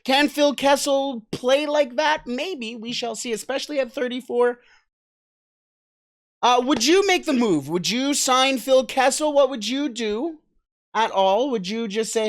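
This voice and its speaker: A man's voice: very high voice, expressive, moderate pace. A man hosting a casual solo hockey podcast, talking conversationally, asking listeners questions and shifting about in his seat as he talks.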